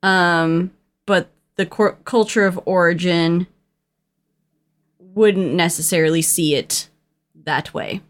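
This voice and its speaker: A woman's voice: on the low side, slow pace, long pauses. Chatty woman podcast co-host. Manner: chatty, animated, many fillers and restarts. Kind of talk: casual movie chat.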